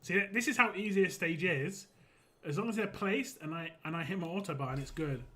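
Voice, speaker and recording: A young man rambles and chats casually while livestreaming a mobile game, laughing easily along the way. His voice is high, brisk, bright and pushed.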